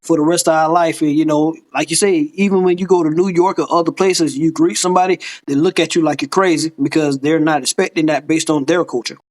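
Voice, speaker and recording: A man's voice: fairly high pitch, fairly even intonation, a little fast, hardly any pauses. A man from the southern US hosting a casual interview, easygoing and hesitant with many "uh"s. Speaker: podcast host.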